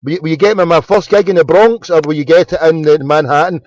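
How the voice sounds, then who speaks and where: A man's voice: fairly high pitch, fast talker, darkish tone, poor audio. A Scottish man hosting a late-night phone-in, rambling in casual chat with lots of stammered restarts. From Scotland. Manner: rambling, stammering restarts, says mate a lot. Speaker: host of a phone-in.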